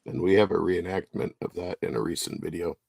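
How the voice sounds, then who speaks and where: A man with a very deep voice trades deadpan wisecracks on a casual podcast. The sound is dry and close. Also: fairly quick, creaky, slightly rough, no echo. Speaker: podcast co-host.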